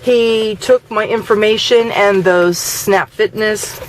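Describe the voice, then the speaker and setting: A woman's voice: medium pitch, steady tone, slow, a little hiss or hum. A woman talks straight to her camera in a casual vlog, venting with plain indignation. She recounts exchanges and her own replies in an everyday speaking voice. The sound is of a handheld camera inside a parked car. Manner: indignant, venting, retells conversations. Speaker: vlogger.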